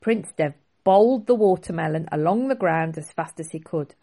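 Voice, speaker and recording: A woman author reading her own children's book aloud in a clear, expressive storybook style. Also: on the low side, normal speed.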